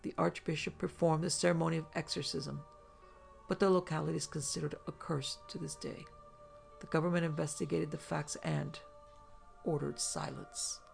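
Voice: mid-range voice, steady tone, creaky, faint music behind. A narrator reading an old ghost story aloud with dramatic pacing. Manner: dramatic, slow in places.

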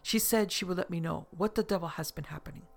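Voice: medium pitch, fast talker, vocal fry, soft background music, natural voice. A blunt, worried husband, as a narrator reads him. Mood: concerned. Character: worried, brusque husband on the phone.

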